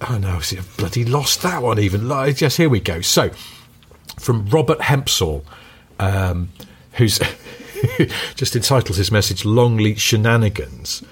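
A man co-hosting a podcast, chatting casually and quick to laugh. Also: on the low side, animated, slightly rough. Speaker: podcast co-host. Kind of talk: casual chat.

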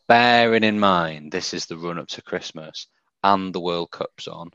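A man's voice: low-pitched, normal speed, a bit bright, no echo, highs cut off. A man co-hosting a podcast, telling his own mishaps in a dry, self-mocking way. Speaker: podcast co-host. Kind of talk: casual chat.

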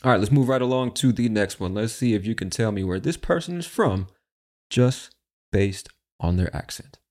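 Deep-voiced brash podcast host. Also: male voice, lively intonation, moderate pace, darkish tone. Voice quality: brash, chatty, swears freely. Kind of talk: casual podcast chat.

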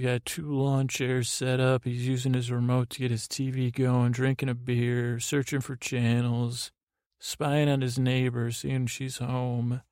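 A man's voice: medium pitch, creaky, a little mellow, no echo, clean studio sound. A man hosting a bedtime podcast, rambling through a meandering recap full of fillers and digressions. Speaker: podcast host.

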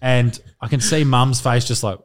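A man's voice: mid-range voice, steady tone, normal speed. An Australian man hosting a comedy podcast, talking in casual banter, blunt and swearing freely, often laughing.

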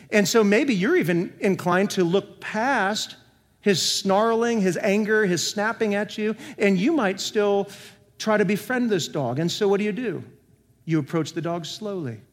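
A male senior pastor preaching a sermon, asking the congregation questions and moving between emphatic and soft delivery. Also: high-pitched, normal speed. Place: church sanctuary. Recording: long hall reverb.

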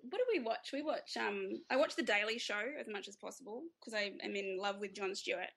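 An Australian woman with a bright, sharp voice and a gravelly edge, chatting freely as a guest author. She laughs easily and often restarts her sentences mid-thought. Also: mid-range voice, steady tone, fairly quick. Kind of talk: casual interview chat.

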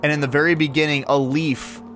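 A man hosting a podcast, excitedly talking through his own video game play as he goes. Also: a little high, a little fast, faint music behind. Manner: excitable, narrates his every move aloud. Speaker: podcast host.

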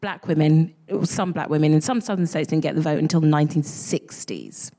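A woman co-hosting a comedy podcast, telling a comic story before a live audience in an animated, expletive-laden way. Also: sits low, a little fast. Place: live venue stage. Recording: live audience and background noise.

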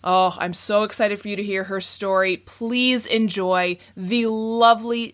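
A woman's voice: medium pitch, fairly even intonation, measured pace, hardly any pauses, fairly bright tone, dry recording. A woman with a West Coast Canadian accent, hosting her podcast in a bubbly, chatty, self-deprecating way. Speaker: podcast host. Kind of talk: podcast intro and appeal.

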